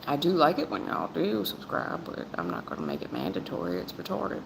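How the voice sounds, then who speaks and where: This tarot livestreamer addresses her chat viewers head-on as baby and hon, sounding blunt and a touch sarcastic. She talks fairly quickly in a very deep voice that swings widely in pitch, recorded in an echoey room with noticeable background noise.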